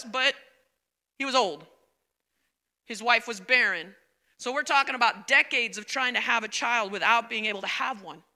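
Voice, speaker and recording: A woman's voice: high-pitched, pushed and bright. A woman pastor giving a sermon, reading scripture aloud and then preaching in a conversational, emphatic way with casual asides.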